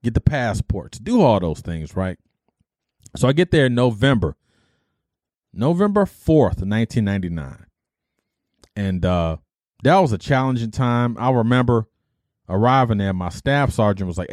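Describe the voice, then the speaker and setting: In a lowish voice at a moderate pace, a middle-aged man from Detroit, USA, who served in the army, casually recounts his life story. The studio-quality recording is dry, and he brings it to life by acting out dialogue and swapping in mild stand-ins for swear words.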